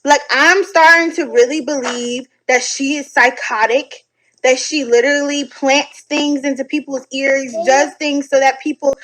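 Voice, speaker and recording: A woman giving casual reaction commentary from home at night, animated, sassy and blunt, swearing freely. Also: high-pitched, measured pace, poor audio. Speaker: online commentator reacting to videos.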